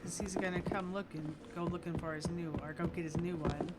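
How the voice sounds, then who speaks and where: A woman streamer casually talking through a game, musing slowly and chatting to the characters. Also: fairly low pitch, fairly even intonation, heavy background noise. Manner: slow, musing, talks to the game. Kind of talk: casual gameplay commentary.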